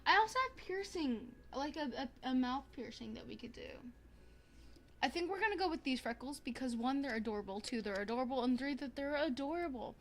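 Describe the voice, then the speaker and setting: A young woman streaming a life-sim game, chatting casually to viewers in a bubbly, excitable way, gasping and repeating herself. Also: high voice, fairly quick, a little hiss or hum. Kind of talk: casual gaming stream chat.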